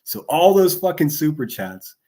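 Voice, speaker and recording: A man hosting a livestream, ranting angrily and profanely into a desk microphone, breaking into yelled bursts and sarcastic asides. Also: fairly high pitch, sing-song, normal speed. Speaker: livestream host. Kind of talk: angry livestream rant.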